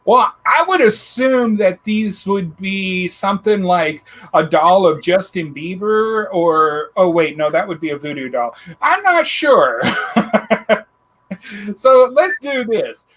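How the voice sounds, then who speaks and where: A male host of a radio talk show keeps the chat light and joking, laughing easily. He speaks slowly, with a voice that rises and falls a great deal. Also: high voice, animated, a bit bright. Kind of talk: casual chat.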